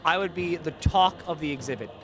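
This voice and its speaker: A man's voice: fairly high pitch, brisk, over music. A young man streaming, chatting casually and rambling in jokes with many filler words.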